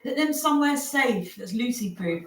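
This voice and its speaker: A woman's voice: on the high side, lively intonation, normal speed, low-quality recording. A woman chatting casually at home on a livestream, giggly and self-deprecating. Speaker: co-host partner.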